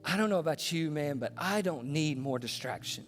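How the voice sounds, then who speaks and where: Male pastor, higher-pitched, storytelling sermon, big reverberant sanctuary, quiet music bed. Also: lively intonation, moderate pace, hardly any pauses. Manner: storytelling, swings from hushed to passionate. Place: church sanctuary. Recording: long reverb in a large hall with soft music.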